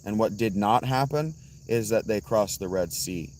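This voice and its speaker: A hoarse man hosting a casual livestream, answering chat bluntly and calling out viewers by name. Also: fairly low pitch, moderate pace, a little mellow, a little hiss or hum. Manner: blunt, swears, addresses chatters by name. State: hoarse, worn-out voice. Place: outdoors at night with insects.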